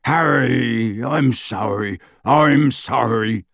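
A man voicing a huge, loyal, anxious male half-giant in an audiobook, bellowing shouts and moaning apologies. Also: medium pitch, animated, takes it slowly, no room sound, studio quality, heavily acted. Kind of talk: audiobook character voice.

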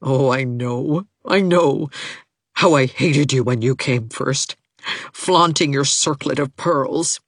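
A woman reader voicing a bitter, lonely young woman teacher who speaks haltingly and with self-pity, in an audiobook. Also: very deep voice, no echo, clean studio sound, exaggerated voice. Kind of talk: audiobook character voice.

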